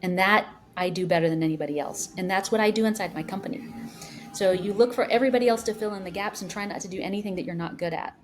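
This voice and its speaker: A woman in her fifties, a founder talking as a podcast guest, telling stories in a lively way with many fillers. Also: medium pitch, quick pace, soft background music. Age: 50s. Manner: animated storyteller, many fillers. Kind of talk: casual interview talk.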